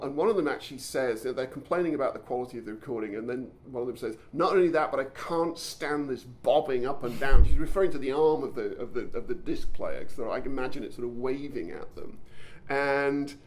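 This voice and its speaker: A man's voice: mid-range voice, lively intonation, fast, hardly any pauses, a little mellow. A man hosting a podcast, telling a story with enthusiasm and frequent stumbles and restarts. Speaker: podcast host. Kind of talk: casual storytelling commentary.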